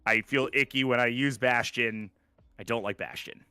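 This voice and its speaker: A man's voice: medium pitch, moderate pace, sharp tone, clear, resonant tone, no room sound. A man co-hosting a gaming podcast, chatting casually and ranting with sarcastic opinions. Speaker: podcast co-host.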